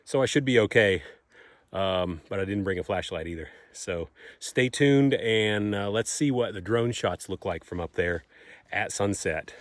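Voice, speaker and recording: Easygoing man with a low voice. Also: no echo. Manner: easygoing, chatty, with frequent "uh" pauses. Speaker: vlogger and property owner. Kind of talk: casual vlog narration.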